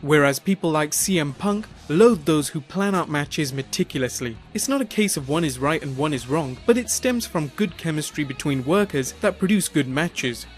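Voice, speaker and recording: A man narrates a numbered countdown in a steady, explanatory voice-over. His voice sits a little higher than average. Faint music plays quietly beneath him. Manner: measured, reads numbered entries in an even explanatory tone. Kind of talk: scripted narration.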